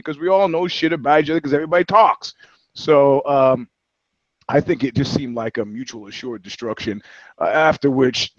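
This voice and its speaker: A man's voice: mid-range voice, no room sound. A man co-hosting a podcast in casual banter, a profane storyteller who rambles through anecdotes. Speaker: podcast co-host. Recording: slightly dull dry audio.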